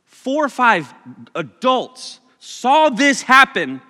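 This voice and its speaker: A man's voice: very high-pitched, very animated, slow, pushed and bright, big-room sound. A man preaching a casual, joking sermon, telling stories with animation.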